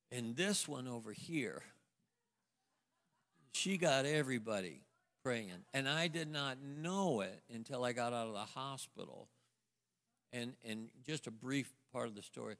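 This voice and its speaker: An older man, a guest minister telling a testimony with halting restarts. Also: mid-range voice, animated, a bit bright. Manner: storytelling, halting restarts, acts out quoted voices. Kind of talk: sermon testimony to a congregation. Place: church sanctuary. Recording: long church hall reverb.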